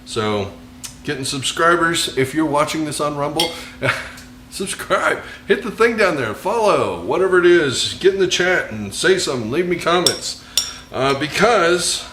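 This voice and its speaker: A man's voice: fairly high pitch, lively intonation, unhurried, echoey room, background noise. An American man hosting a cooking show, talking casually through a recipe with rambling, self-mocking jokes. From United States. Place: kitchen.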